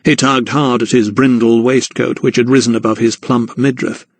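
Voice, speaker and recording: A man narrating a historical mystery audiobook in a measured storytelling manner. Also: mid-range voice, little pitch movement, no echo. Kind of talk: scripted narration.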